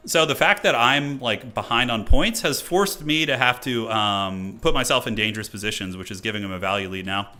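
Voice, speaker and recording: A man with a mid-range, bright, forceful voice talks briskly with few pauses. Streaming a competitive strategy tournament game, he gives live commentary to viewers, walking them through his moves casually and self-critically, thinking aloud with lots of fillers.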